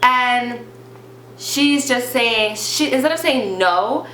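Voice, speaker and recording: A young woman telling a storytime vlog in a chatty, animated way, leaning on "like" and bluntly swearing now and then. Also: a little high, takes it slowly. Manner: chatty, animated retelling full of "like" and acted quotes. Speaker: vlogger. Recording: roomy echo with faint hum.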